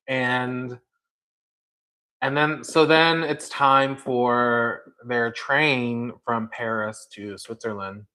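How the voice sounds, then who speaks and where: A man's voice: medium pitch, steady tone, slow pace, pushed and bright. A man hosting a casual livestream, rambling through a story with lots of "like" and "um" while talking directly to a viewer in chat. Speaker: livestream host.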